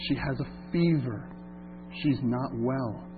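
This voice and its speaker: A man's voice: mid-range voice, takes it slowly. A male pastor preaching a sermon, asking rhetorical questions of his congregation. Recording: tinny phone-like sound with hum.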